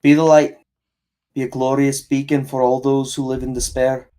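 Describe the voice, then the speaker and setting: A man's voice: mid-range voice, little pitch movement, moderate pace, warm tone, close to an everyday voice. A man voicing a determined adventurer who repeats a paladin oath earnestly, close to his own voice.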